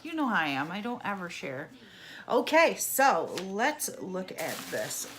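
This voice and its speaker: Slow-talking woman from New York State. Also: medium pitch, sing-song, noisy background. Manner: slow, savoring, lots of happy humming. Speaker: vlogger. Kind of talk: candy taste-test review.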